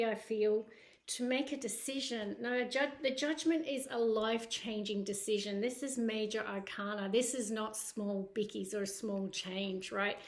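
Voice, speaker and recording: A woman's voice: mid-range voice, slight background noise. A woman with a Scottish accent giving a casual tarot reading, chatty, with many fillers and tag questions. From Scotland. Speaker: tarot reader.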